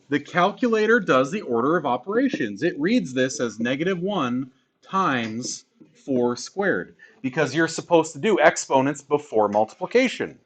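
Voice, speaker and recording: A man teaching a math class in a classroom, talking casually and chatty as he explains. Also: medium pitch. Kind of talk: classroom lecture.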